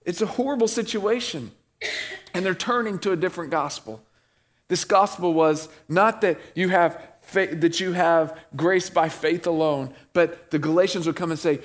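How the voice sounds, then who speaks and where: A middle-aged man preaching a sermon in a conversational tone, slowing and dropping his voice low when he reads scripture. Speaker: pastor.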